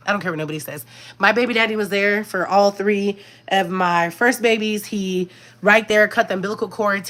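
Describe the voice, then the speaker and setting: A woman, a doula, earnestly telling her viewers a heartfelt birth story and often calling them "y'all". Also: medium pitch. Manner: earnest, repeats "y'all", animated retelling. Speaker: doula and vlogger.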